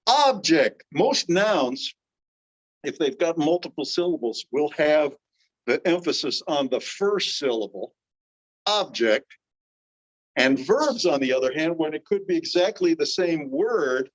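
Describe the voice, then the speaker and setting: Male teacher, slightly high voice, patient classroom explainer, dull lo-fi recording. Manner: patient, calls on students by name. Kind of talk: classroom grammar lesson.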